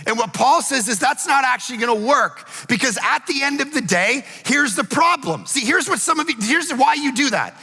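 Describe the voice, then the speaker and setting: High-voiced pastor guy preaching, gravelly edge, bright tone, long hall echo. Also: fairly quick, few pauses, soft background music. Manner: animated storytelling, rising to shouts. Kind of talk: sermon. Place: church auditorium.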